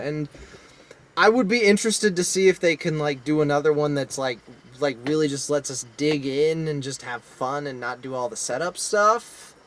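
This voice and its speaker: A man's voice: fairly high pitch, a little hiss or hum. A man chatting casually about a movie he just saw, rambling and restarting his sentences with wry asides, recorded inside a car. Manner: rambling, self-interrupting, wry. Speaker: co-host. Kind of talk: casual movie review chat.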